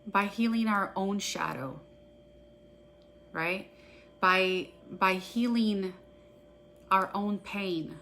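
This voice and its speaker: Earnest woman leading gentle tapping affirmations. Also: mid-range voice, extremely slow, pauses often, a little hiss or hum. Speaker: EFT tapping practitioner. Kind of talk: guided tapping session with affirmations.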